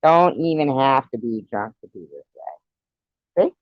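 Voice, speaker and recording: A man's voice: medium pitch, expressive, moderate pace, dry recording, dull audio. A man chatting with viewers on a live stream, giggly and meandering, often trailing off. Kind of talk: casual rambling chat.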